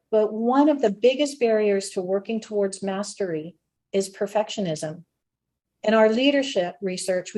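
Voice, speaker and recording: A woman's voice: mid-range voice, dark tone. A woman, a spiritual director, giving a reflective spiritual talk and telling stories, laughing now and then.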